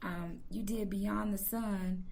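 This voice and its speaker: A woman's voice: mid-range voice, steady tone, slow, gravelly, darkish tone, a little hiss or hum. A woman hosting a casual interview podcast, enthusiastic and rambling, giggling often. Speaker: podcast host.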